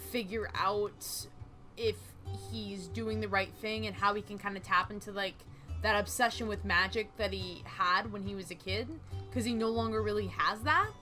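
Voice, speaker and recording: A woman's voice: mid-range voice, pushed and bright. A woman hosting a gaming channel, chatting casually as she plays and often exclaiming and talking back to the game. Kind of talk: casual let's-play commentary.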